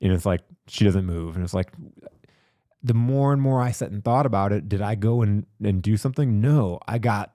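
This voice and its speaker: A man's voice: on the low side, moderate pace, mellow, dry recording, clean studio sound. A man hosting a podcast, telling candid personal stories in a rambling, reflective way with many repeated words. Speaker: podcast host. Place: studio.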